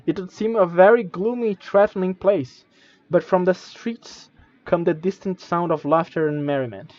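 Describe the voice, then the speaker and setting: A man's voice: sits high, moderate pace, darkish tone, muffled recording. A man streaming, reading a gamebook aloud with stumbles, restarts and casual asides. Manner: reads with stumbles and self-corrections, casual asides.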